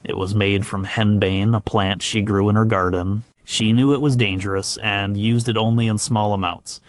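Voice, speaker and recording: A man narrating a scripted history documentary in a measured way, with occasional stumbles and fillers. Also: lowish voice, steady tone, no room sound.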